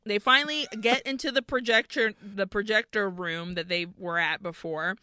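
A woman's voice: mid-range voice, normal speed, few pauses, sharp tone, no echo, studio quality. A woman co-hosting a podcast, casually retelling a horror movie's plot, swearing freely and acting out the characters' lines. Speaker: podcast co-host.

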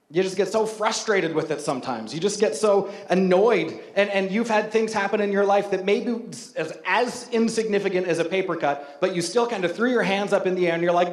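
A male pastor gives a conversational sermon, joking about himself and talking straight to the congregation. His voice sits high for a man and carries a roomy echo, as if in a large space. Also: a little fast, few pauses. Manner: humorous, conversational, self-mocking storytelling.

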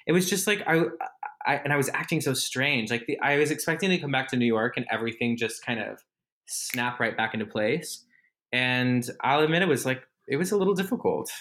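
Chill guy guest, jokey and self-deprecating, laughs a lot, average pitch. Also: normal speed, a bit bright. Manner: laid-back, self-deprecating, laughs often. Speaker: guest, stage performer. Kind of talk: casual interview chat.

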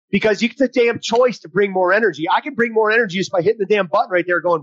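Energetic male coach on a podcast, quick-talking, a bit higher voice, close dry mic. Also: no room sound, muffled recording. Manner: energetic, rambling with restarts. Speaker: podcast co-host, mental performance coach. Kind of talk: casual podcast chat.

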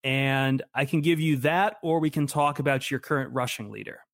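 A man's voice: medium pitch, normal speed, vocal fry, dry recording, clean studio sound. A man co-hosting a casual sports podcast, joking and sarcastic. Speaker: podcast co-host.

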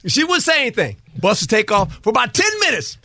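Animated older man telling football stories. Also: very high voice, fast talker, no room sound. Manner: animated storyteller, lively, repeats words. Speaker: former coach, guest analyst. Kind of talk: casual sports talk.

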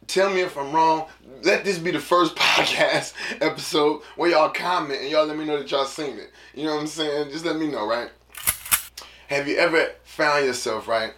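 A man's voice: on the high side, a bit bright, roomy sound. A man hosting a casual solo podcast, rambling through a story in loose slang and acting out voices. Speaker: podcast host.

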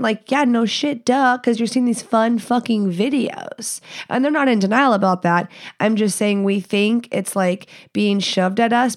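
A sassy woman podcast host delivers a casual monologue, blunt and heavy on swearing. She jumps into higher, mocking voices when she quotes other people. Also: darkish tone.

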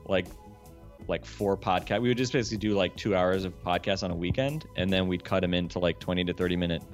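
A man with a fairly low voice, chatting casually as a podcast guest. He rambles and restarts, leaning on "like" and "you know". Faint music runs underneath. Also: fast talker. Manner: rambling, heavy use of "like" and fillers. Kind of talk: casual chat.

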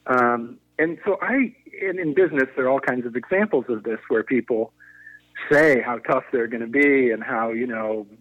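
A man speaks at an ordinary mid pitch, reflective and explanatory, circling back to restart his thoughts as he works through an idea. The sound is thin and phone-like, close and dry with no room around it. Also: moderate pace, no echo. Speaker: guest, negotiation consultant. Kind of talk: conversational podcast interview. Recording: tinny phone-line audio.

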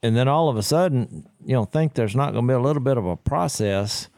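A man's voice: medium pitch, fairly quick, a little mellow, dry recording, studio quality. A man co-hosting a faith podcast, talking thoughtfully and paraphrasing scripture. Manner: thoughtful, with frequent fillers and restarts. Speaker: podcast co-host. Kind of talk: casual faith discussion.

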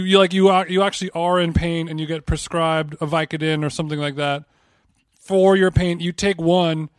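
Joking man with a higher voice, dry sound. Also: clean tone, no echo. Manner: joking, rambling tangents. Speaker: podcast co-host. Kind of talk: casual banter.

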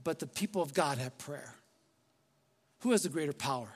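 Man preaching, high voice, conversational and emphatic, rhetorical questions, long hall reverb. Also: animated, normal speed. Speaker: pastor. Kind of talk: sermon.

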